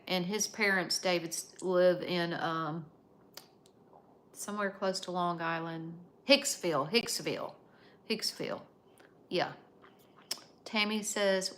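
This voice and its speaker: An American woman hosting a casual live stream, chatting and reading out viewer comments in an unhurried way. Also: fairly low pitch, fairly even intonation, a bit bright. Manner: unhurried, chatty, drawn-out phrasing. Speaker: livestream host.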